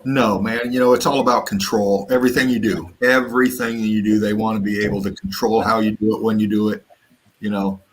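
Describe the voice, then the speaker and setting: A man's voice: fairly low pitch, little pitch movement, a little fast, husky, low-quality recording. Man, livestream guest, earnest and encouraging, casual. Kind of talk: casual chat.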